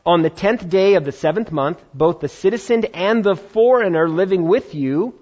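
A man preaching a sermon, retelling a Bible story with lively acted-out voices. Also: sits high, moderate pace, muffled recording. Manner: animated storytelling, acting out biblical voices. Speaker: pastor.

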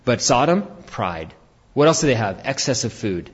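A pastor preaching an animated sermon, rising to shouts for emphasis. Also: male voice, mid-range voice, normal speed, slightly rough, highs cut off.

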